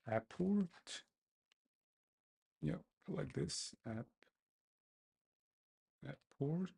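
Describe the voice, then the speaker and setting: A man talking to himself as he codes, complaining loudly, then explaining each step casually. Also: lowish voice, creaky. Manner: exasperated, talks to himself while coding. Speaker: developer livestreaming his coding. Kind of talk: casual coding commentary.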